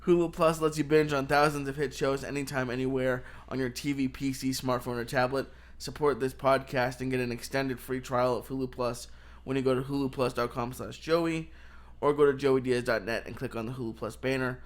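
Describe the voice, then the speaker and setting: A man's voice: medium pitch, level tone, a little fast. A man co-hosting a podcast, chatting casually, laughing easily and plugging shows and sponsors. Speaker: podcast co-host.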